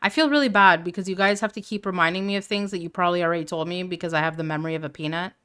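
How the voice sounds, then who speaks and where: Talking very fast in a lowish, slightly bright voice with a clean tone, a woman hosts a casual live game stream. She reads viewers' chat messages aloud, chats with them, and throws in playful asides.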